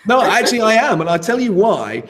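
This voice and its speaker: Emphatic man, slightly high. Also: fairly quick, over a noisy crowd. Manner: emphatic, animated, laughs often. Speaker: co-host. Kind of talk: casual political talk show.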